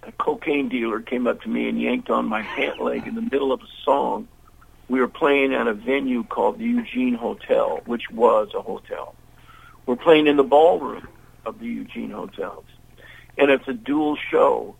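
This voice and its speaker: An older man, a musician and interview guest, telling a long anecdote in a lively way and acting out the voices of the people in it. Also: medium pitch, normal speed, vocal fry, breathy edge, low-quality recording. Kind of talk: storytelling in an interview.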